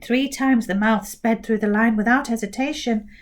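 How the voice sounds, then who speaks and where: A woman teacher reading a children's book aloud, slow and clear. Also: on the high side.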